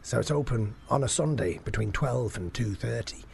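A man's voice: mid-range voice, moderate pace, gravelly, slight background noise. A man co-hosting a comedy podcast, telling stories in a casual chat, laughing often and swearing freely. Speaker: podcast co-host.

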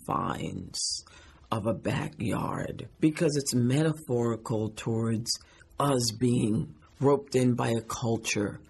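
Gravelly, husky man. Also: mid-range voice. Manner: measured, thoughtful. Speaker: actor being interviewed. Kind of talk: interview answers.

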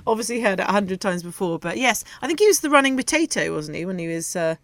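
A woman's voice: medium pitch, lively intonation, fast, a bit bright, no room sound. A woman co-hosting a sports show, chatting casually through the news with frequent ums and easy laughter.

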